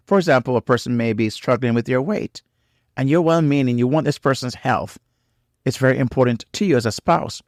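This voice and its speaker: A man's voice: mid-range voice, no room sound, clean studio sound. A married man giving faith-based marriage teaching in an earnest, repetitive way, full of "um" and "you know", with preacher-like emphasis on key phrases. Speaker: podcast co-host on marriage.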